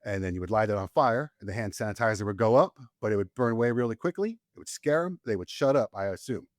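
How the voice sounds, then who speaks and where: A man's voice: fast talker, no room sound. Candid man in his forties, dry sound. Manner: animated, rises in pitch when reliving tense moments. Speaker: podcast guest, Marine combat veteran. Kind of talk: candid storytelling in casual conversation.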